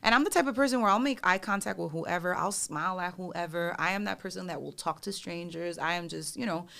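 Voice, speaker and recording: A woman with a low voice and a gravelly edge tells stories on a casual podcast. She is animated and slips into voices for the people in her stories. Her talk is loose and conversational. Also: brisk. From New York. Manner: animated storyteller, acts out other people's voices. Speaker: recording artist guest.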